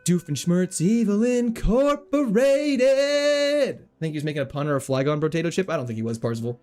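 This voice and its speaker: A man streaming a video game, chatting casually with his viewers, joking around and reading their messages out loud. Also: fairly high pitch, rapid-fire, soft background music. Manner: jokey, animated, reads chat aloud. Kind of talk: casual livestream commentary.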